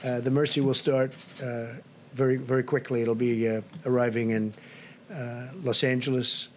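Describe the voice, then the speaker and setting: A man's voice: medium pitch, little pitch movement, moderate pace, a little hiss or hum. An older man giving remarks at a press briefing, rambling and repetitive, piling on superlatives. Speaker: briefing speaker at press podium.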